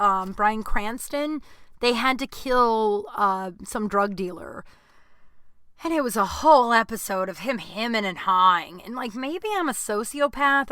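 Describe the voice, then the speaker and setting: Young woman rambling on her podcast, bright voice, dry close sound, goes loud then mutters. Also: medium pitch, dry recording. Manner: rambling, jokey, swings between loud outbursts and mumbled asides. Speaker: podcast host. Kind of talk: casual solo chat.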